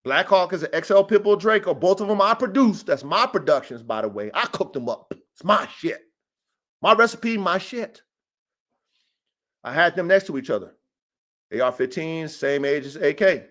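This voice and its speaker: Man, casual livestream host, animated storytelling, profane, slightly high voice. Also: normal speed. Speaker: dog breeder and podcast host. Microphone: streaming setup.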